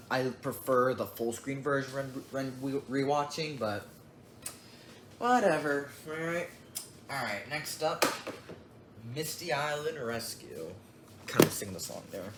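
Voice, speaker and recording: Slow, rambling young man in an echoey room. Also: medium pitch. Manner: rambling, offhand, trails off and mutters asides. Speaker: collector showing his DVD collection. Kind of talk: casual unboxing vlog. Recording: echoey room with clear background noise.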